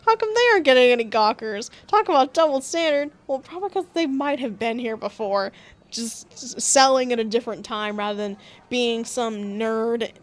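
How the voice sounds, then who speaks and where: A woman's voice: a little high, animated, normal speed. A woman giving playful, giggly commentary while reading a dating-sim game aloud, with sarcastic asides. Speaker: gaming streamer. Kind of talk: casual let's-play commentary and reading aloud.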